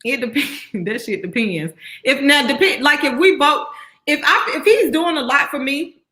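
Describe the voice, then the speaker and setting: A woman co-hosting a casual chat, blunt and quick to laugh, repeating her point until she gets it across. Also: sits high, animated, bright, forceful tone. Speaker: co-host.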